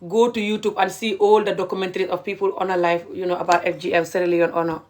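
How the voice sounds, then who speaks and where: A woman's voice: fairly low pitch, flat delivery, quick pace, a little mellow, slight background noise. A middle-aged woman, ranting passionately and indignantly to viewers on a live stream, repeating her points.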